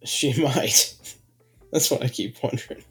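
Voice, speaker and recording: A man co-hosting a casual chat, telling stories with big, loud laughs and the odd swear. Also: medium pitch, a little slow, husky, soft background music. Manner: animated storyteller, swears, laughs loudly.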